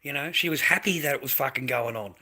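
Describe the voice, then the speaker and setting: Australian guy going off on a livestream, swearing a lot, bright sharp voice, keeps repeating himself. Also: medium pitch, fast, slightly rough. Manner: aggressive, profane, repetitive, talks back to chat. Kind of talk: angry live-stream rant.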